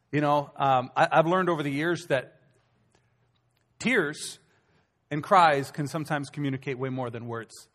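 Middle-aged male pastor, chatty and animated sermon delivery, slightly high voice, hall echo. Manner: conversational, animated storytelling with acted asides. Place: church hall. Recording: long hall reverb.

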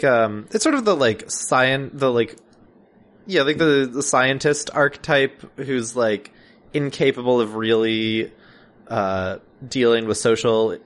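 A man co-hosting a podcast in casual chat, hesitant with many fillers and restarts, with a dry, deadpan humor. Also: mid-range voice. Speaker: podcast co-host.

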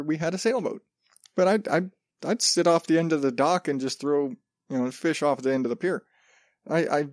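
A man's voice: fairly high pitch, darkish tone, no room sound, studio quality. Rambling, profane podcast guy. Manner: rambling, profane, self-interrupting. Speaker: podcast host. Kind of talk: casual solo podcast chat.

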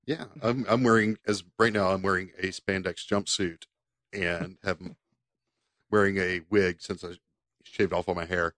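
A man's voice: low voice, steady tone, moderate pace, fairly bright tone, dry recording. A man co-hosting a podcast in casual chat, swearing freely and trading jokey banter. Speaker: podcast co-host.

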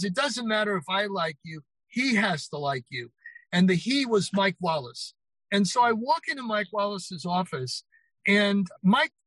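Older male guest, high-pitched, spins anecdotes with quoted voices, close dry mic. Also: no room sound, low-quality recording. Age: 60s. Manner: animated retelling with quoted voices. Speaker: author guest. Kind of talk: anecdotal interview storytelling.

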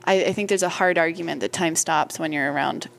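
Woman host, low gravelly voice, reflective and unhurried. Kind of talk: casual chat.

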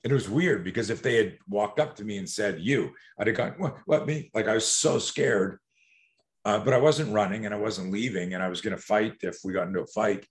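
A man with a very low voice tells stories from his youth as a podcast guest. His talk is loose and profane, full of restarts and fillers. He coaches people on fear. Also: a little fast. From Canada. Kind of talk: casual interview storytelling.

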